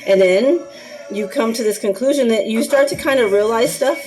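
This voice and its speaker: A woman's voice: fairly high pitch, normal speed, darkish tone, soft background music, rough recording. A woman talking casually in a rambling vlog, filling her speech with ums and laughs while she cooks for her dogs. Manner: chatty, rambling, frequent fillers and laughs. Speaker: anxiety vlogger.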